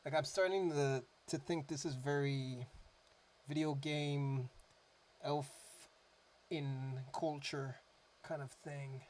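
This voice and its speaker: A man's voice: a little high, steady tone, slow pace, darkish tone, slight background noise. A man giving casual, rambling reaction commentary as a music reaction host, his talk loose and full of "like" fillers.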